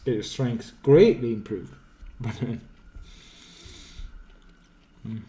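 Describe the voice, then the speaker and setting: A man's voice: mid-range voice, lively intonation, slow, warm tone, slight background noise. A man streaming a video game, thinking aloud and swearing freely in casual commentary.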